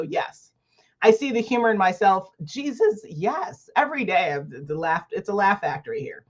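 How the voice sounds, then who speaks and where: A woman in her thirties hosting a casual livestream book chat, animated and laughing often as she reads affirmations aloud. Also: on the low side, dull audio. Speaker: host of an online book club.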